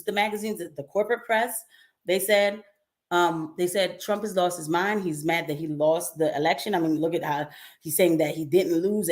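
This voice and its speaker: A young adult woman hosting a casual commentary livestream, chatty and animated, with frequent laughs and asides to her viewers. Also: medium pitch. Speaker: livestream host.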